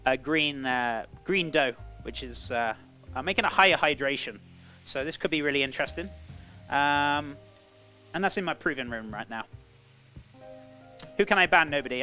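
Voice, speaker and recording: A man's voice: mid-range voice, bright, forceful tone. A British man chatting casually on a cooking live stream, rambling between cooking tips and greeting viewers as "buddy". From Britain.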